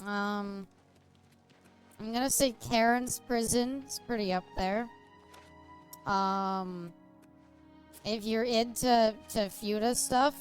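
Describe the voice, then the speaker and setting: A woman streaming a game and chatting casually, giggling often and swearing freely. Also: mid-range voice. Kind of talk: casual gaming stream chat.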